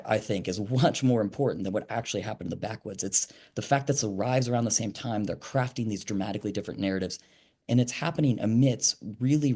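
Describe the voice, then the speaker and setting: A man's voice: on the low side, a little mellow. Man explaining history with many fillers. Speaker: author and historian. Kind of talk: conversational lecture interview.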